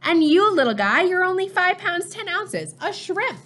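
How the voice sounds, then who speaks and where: Gentle male nurturer in a storybook reading, sing-song baby talk, voice climbing high and light, as a woman reader puts him on. He coos softly at tiny infants. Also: big pitch swings, moderate pace, full character voice. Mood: cooing. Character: father, a gentle male nurturer cooing at newborns.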